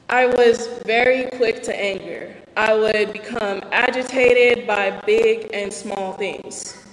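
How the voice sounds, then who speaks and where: A young woman reads out an earnest, candid personal testimony and pokes fun at herself along the way. Her voice sits a little high. It carries through a large hall with a long, echoing reverb. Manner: earnest, candid, self-deprecating. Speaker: speaker giving a personal testimony. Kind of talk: read-aloud personal talk on faith.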